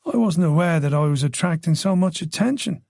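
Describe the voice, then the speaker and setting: A man's voice: on the high side, animated, a little fast, creaky, a little mellow, dry recording, clean studio sound, voice pushed up. A man voicing a reserved, polite middle-aged police chief inspector in a story. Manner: polite, modest, guarded.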